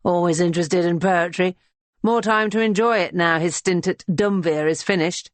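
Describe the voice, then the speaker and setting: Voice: mid-range voice, moderate pace, no echo, natural voice. Boastful fish-sauce merchant, as a reader puts him on.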